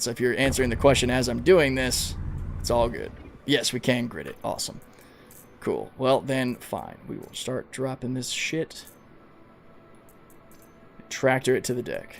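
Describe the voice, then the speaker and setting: A man livestreaming a video game, giving excitable, casual commentary, swearing freely and talking to his chat. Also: mid-range voice, normal speed, creaky, long pauses, slight background noise. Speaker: gaming livestreamer.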